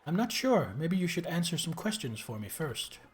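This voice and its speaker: A man's voice: on the high side, sing-song, moderate pace. A man reading the lines of a stern woman adventurer who gives dry, weary replies. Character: stern adult woman adventurer, the player's hero.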